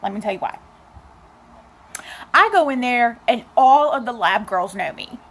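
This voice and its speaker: A woman's voice: fairly high pitch, a little slow. Chatty young woman telling a story. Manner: chatty, animated storytelling with asides to viewers. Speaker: vlogger. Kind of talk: casual storytelling vlog.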